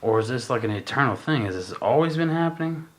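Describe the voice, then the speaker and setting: A man's voice: mid-range voice, animated, fast talker. A man co-hosting a podcast in casual chat, musing and rambling with lots of fillers and swearing. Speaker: podcast co-host.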